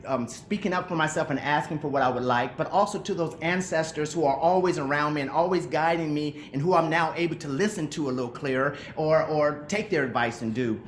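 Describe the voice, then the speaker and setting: A man's voice: fairly high pitch, reverberant, slight background noise. A middle-aged male actor speaking earnestly and with emotion in an interview over a video call, often restarting his sentences. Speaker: actor, guest. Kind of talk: reflective interview talk. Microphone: remote video call.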